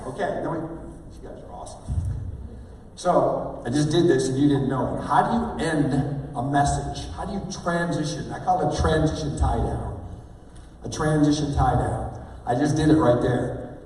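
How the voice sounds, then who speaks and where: A man giving an energetic motivational talk on stage, calling for replies from the audience. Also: on the high side, normal speed. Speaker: motivational speaker. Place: large hall with a live audience. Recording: echoey hall, mic at a distance.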